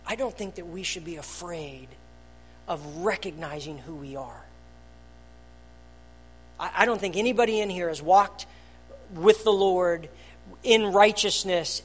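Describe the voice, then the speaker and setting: An earnest pastor preaches in a church, moving between hushed, almost murmured phrases and loud, emphatic bursts. The voice sits at a middle pitch and builds steadily toward each point. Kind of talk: sermon. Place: church hall.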